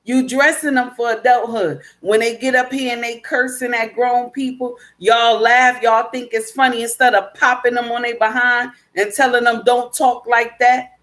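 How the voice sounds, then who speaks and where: A woman's voice: a little high, steady tone, moderate pace, hardly any pauses, fairly bright tone. Emphatic woman lecturing her live chat. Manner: emphatic, preachy, repeats points; calls listeners baby and my dear. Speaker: live stream host reading chat. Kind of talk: casual livestream talk.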